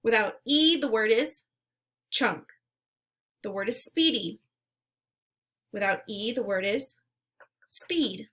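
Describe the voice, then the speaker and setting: Slow, bright-voiced woman teacher. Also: medium pitch. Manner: slow, clearly enunciated drills; encouraging. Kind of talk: phonemic awareness lesson.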